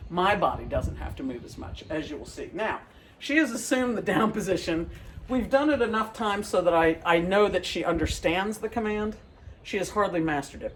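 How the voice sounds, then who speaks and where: A man with a notably high voice leads a dog training demonstration. He explains each step patiently to the viewer. He breaks off often to give the dog bright, encouraging praise. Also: a little hiss or hum, low-quality recording.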